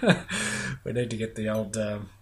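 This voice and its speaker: A man's voice: on the low side, flat delivery, normal speed, a little mellow. A man in casual podcast chat, reading tasting notes aloud with easy chuckles. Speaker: podcast co-host.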